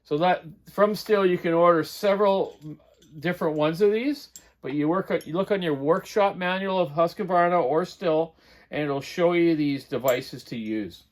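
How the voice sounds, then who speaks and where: A man's voice: fairly high pitch, moderate pace. A middle-aged man giving a casual hands-on repair demonstration in his workshop, rambling and correcting himself as he works. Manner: rambling, talks while working, self-correcting. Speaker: chainsaw repair host. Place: home workshop.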